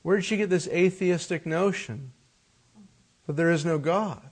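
A middle-aged male pastor with a fairly high voice delivers a sermon. He swings between quiet, hushed prayer and loud, animated storytelling. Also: moderate pace, husky.

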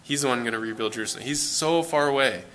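In a church, a man with an American accent and a medium-pitched voice preaches fast, keeping it conversational and relaxed with fillers and self-corrections.

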